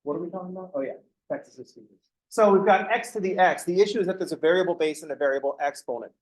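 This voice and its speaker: Talking rapid-fire in a high voice, a man lectures his math class one step at a time. He keeps cutting himself off with humorous asides.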